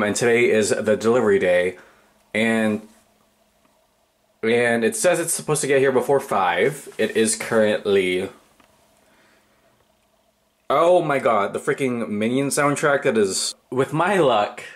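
A young man casually narrating his day for a vlog, baking at home and joking at his own expense. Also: on the low side. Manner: self-mocking, joking asides to the viewers. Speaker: vlogger. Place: home kitchen. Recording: music playing behind the voice.

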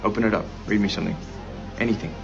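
A man voicing a boastful young man in a comedic meme voiceover, flat and rapid. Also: lowish voice, creaky, highs cut off, over music.

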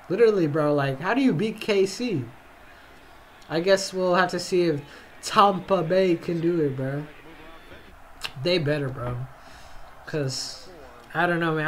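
A young man hosting a casual football reaction video, excitable and slangy, calling out bro after nearly every line. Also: high voice. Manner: excitable, yelps and drawls "bro" constantly. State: tired, yawning. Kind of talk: casual game reaction commentary.

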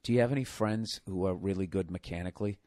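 A man with a Boston accent, a podcast host ranting in comedic, profane bursts, now and then laughing loudly. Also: low voice, fast, no room sound, studio quality.

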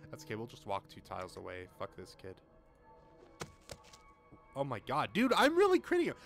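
A young man giving casual let's-play commentary, swearing often and swinging between muttering and excited outbursts. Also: mid-range voice.

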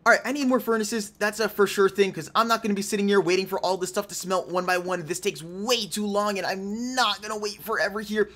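In live gameplay commentary, a young male YouTuber talks to his viewers and himself while teasing the other players. His high-pitched, slightly bright voice holds a steady tone, running a little fast with few pauses.

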